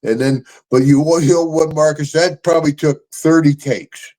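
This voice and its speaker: A man's voice: fairly high pitch, fairly even intonation, normal speed. Boisterous older man telling stories. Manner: boisterous, laughs often, shouts catchphrase. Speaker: show host, retired wrestler. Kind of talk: casual storytelling chat.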